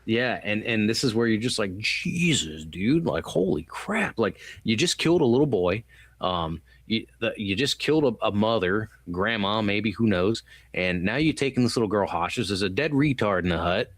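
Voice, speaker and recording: A man's voice: lowish voice, moderate pace, dry recording. A man co-hosting a podcast, talking loosely and with swearing in a casual movie review chat, acting out quotes as he goes. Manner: rambling, loose and profane, acts out quotes. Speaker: podcast co-host.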